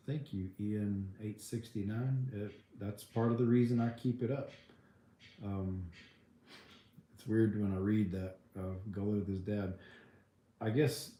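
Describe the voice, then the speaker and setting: A man's voice: on the low side, warm tone, echoey room. A man hosting a livestream, reading viewer comments and answering in a rambling, wry way full of ums and restarts. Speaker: livestream host answering chat.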